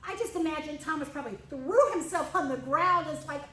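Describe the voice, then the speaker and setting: High-voiced woman telling kids a Bible story. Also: a little fast, roomy sound, low-quality recording. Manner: expressive, addresses children directly. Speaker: children's ministry teacher. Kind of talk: storytelling Bible lesson while drawing. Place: church room.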